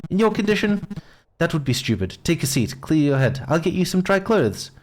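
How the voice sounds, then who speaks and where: A man's voice: on the high side, very animated, a little fast, voice pushed up. A man voicing a chatty, friendly male bird fisherman in a game, with a fussing, insistent manner.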